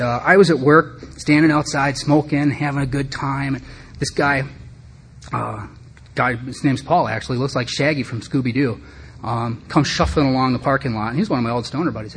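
A man's voice: mid-range voice, a little hiss or hum. A middle-aged man speaking candidly and self-deprecatingly to a recovery meeting, talking conversationally with frequent asides. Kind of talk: personal recovery talk to a group. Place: meeting room.

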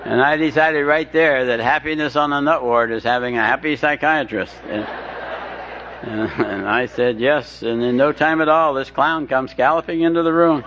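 A man recounts his own story in a wry, self-deprecating way, halting and restarting as he goes. His voice sits at a middling pitch. The recording sounds dull and lo-fi with a faint hiss underneath. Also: a bit bright, some chatter behind. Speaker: speaker sharing his recovery story. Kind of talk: humorous storytelling talk.

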